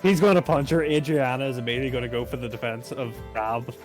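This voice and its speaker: A man plays a tabletop game and describes what his character does in an easy, hedging way. His pitch is middling and unremarkable, and faint music sits behind him. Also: fast talker. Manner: relaxed, hedging with fillers. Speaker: player.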